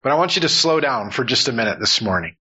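A man's voice: medium pitch, lively intonation, quick pace, bright, forceful tone, slightly rough, lo-fi sound. A man preaching an earnest, emphatic sermon as pastor, building points through repetition.

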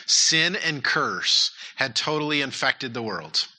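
A man's voice: medium pitch, animated, slow, bright, forceful tone. A man preaching a sermon and leading prayer in a church, earnest and repeating his key points. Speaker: pastor.

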